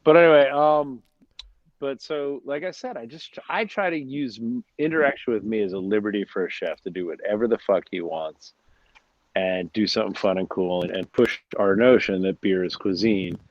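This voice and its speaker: Low-voiced guy guesting on a podcast, curses a lot, restarts constantly, dry dull audio. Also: moderate pace, dry recording. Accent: New Jersey. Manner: animated, swears freely, jumps between restarts. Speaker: brewery owner, podcast guest. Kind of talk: casual chat.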